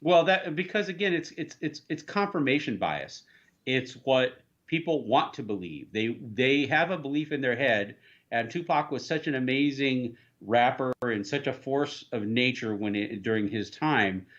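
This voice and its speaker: A man's voice: medium pitch, expressive, moderate pace, a bit bright, dull audio. A man hosting a casual livestream, rambling and joking as he reads viewer comments. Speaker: livestream host.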